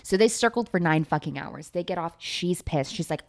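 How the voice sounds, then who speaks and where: Fast, animated and profane, a woman rushes through a movie's plot like gossip between friends in this casual vlog recap. Her voice starts a little low but shoots up in squealing, loud bursts, with comic jumps in pitch and salty comments along the way.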